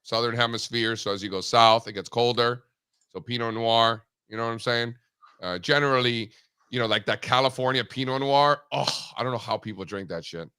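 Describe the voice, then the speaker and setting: Brash, bright-voiced male show host. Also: medium pitch, a little fast, clear, resonant tone. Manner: brash, animated, swears casually. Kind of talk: casual livestream chat.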